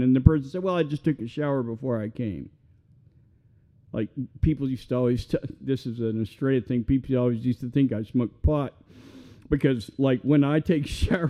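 A man preaching a sermon as pastor, conversational and animated, with self-deprecating humor. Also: mid-range voice.

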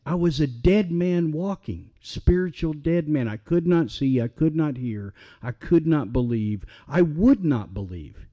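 A man's voice: mid-range voice, mellow. A man preaching a sermon, emphatic, asking questions and answering them himself.

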